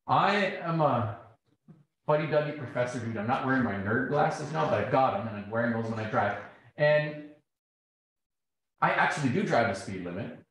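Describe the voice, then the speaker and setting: In a strongly echoing lecture hall, a middle-aged man with a mid-range voice speaks at normal speed. His public talk is full of animated stories where he acts out the back-and-forth.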